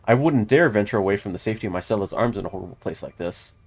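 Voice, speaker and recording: A man's voice: lowish voice, expressive, very fast, breathy edge. A man voicing a prim female companion who speaks in formal, old-fashioned phrases.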